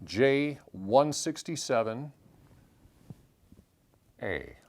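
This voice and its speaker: A man hosting a puzzle channel, thinking aloud as he calls out letters and clue numbers in a measured solve-along walkthrough. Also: medium pitch, big pitch swings. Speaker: puzzle-solving channel host.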